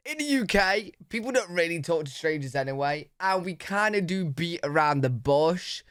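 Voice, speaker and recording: A British man reacting to a video in loose, chatty commentary, with many "like"s and "you know what I mean"s. His voice is smooth and clear and sits a little high for a man. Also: expressive, moderate pace, few pauses, fairly bright tone. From United Kingdom.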